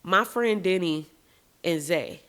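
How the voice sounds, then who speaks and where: A woman hosts her own podcast and tells a deeply personal story in a frank, expressive way. She talks straight to her listeners, drops curse words casually, and her voice sits a little lower than most women's. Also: takes it slowly. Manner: swears casually. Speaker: podcast host. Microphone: podcast microphone.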